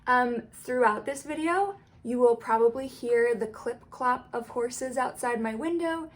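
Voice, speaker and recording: A woman's voice: fairly high pitch, unhurried. A woman teaching ukulele in a casual, friendly tutorial, explaining rhythm and counting beats aloud. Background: ukulele strumming.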